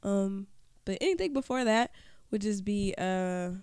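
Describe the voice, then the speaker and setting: A podcast co-host in casual chat who speaks in a careful, measured way. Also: medium pitch, animated, a little mellow, smooth. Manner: measured, careful about wording.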